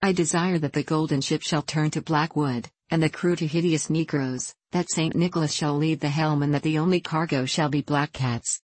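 Woman doing scheming old sorcerer, sly, commanding, low voice. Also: fairly even intonation, normal speed, few pauses, darkish tone, no echo.

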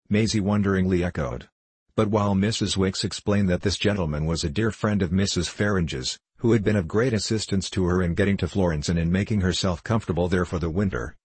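A man narrating a novel as an audiobook in a measured, literary way. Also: sits low, slightly rough, no room sound. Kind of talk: audiobook reading.

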